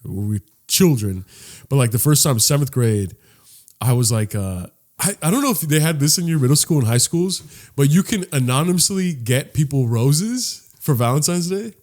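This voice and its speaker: A man's voice: medium pitch, normal speed. A young man co-hosting a podcast, telling a funny childhood story in casual talk and acting out the people in it. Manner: animated, acts out voices in his stories. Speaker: podcast co-host.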